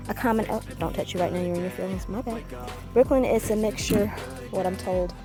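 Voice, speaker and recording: A chatty woman talks outdoors on her small farm, casual and informal with frequent ums. Her voice sits at an ordinary middle pitch. Clear music plays underneath. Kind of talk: casual vlog chat.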